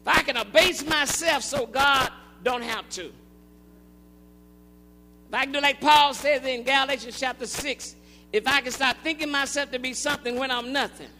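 High, bright-voiced preacher in a reverberant hall. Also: male voice, moderate pace. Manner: rising into shouted, rhythmic preaching. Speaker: pastor. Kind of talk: call-and-response sermon. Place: large church sanctuary.

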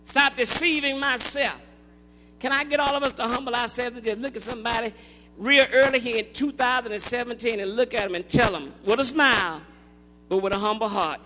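Man, pastor, very high voice, piercing bright tone, shouted rhythmic sermon, long hall reverb. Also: brisk, a little hiss or hum. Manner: rising into shouted, rhythmic preaching. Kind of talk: call-and-response sermon. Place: large church sanctuary.

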